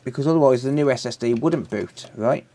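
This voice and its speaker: A man's voice: mid-range voice, fairly quick, warm tone, slight background noise. A British man hosting a repair live stream, chatting casually and answering viewer messages while he works. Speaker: repair livestream host.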